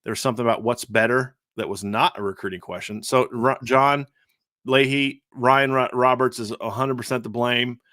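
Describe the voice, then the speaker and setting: A man hosting a casual sports podcast, talking quickly and acting out quotes with laughs. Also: medium pitch, no room sound, studio quality. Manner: animated, laughs and acts out quotes. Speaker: podcast host.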